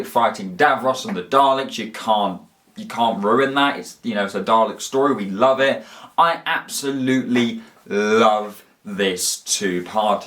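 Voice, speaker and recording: A man's voice: medium pitch, sharp tone. A man casually ranking episodes as a fan reviewer, talking enthusiastically and rambling with frequent restarts.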